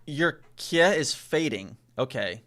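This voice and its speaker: A man whose first language is Spanish, chatting casually on a live stream and slowly repeating foreign phrases to practice them. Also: a little high, lively intonation, fairly bright tone.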